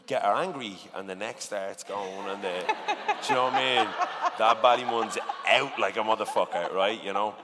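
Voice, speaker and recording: A man with a working-class Dublin accent, talking in a casual interview, animated and swearing often with lots of "you know what I mean". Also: fairly low pitch, normal speed, in a large hall, heavy background noise. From Dublin, Ireland. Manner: animated, swearing, filler-heavy storytelling. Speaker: rapper, interview guest.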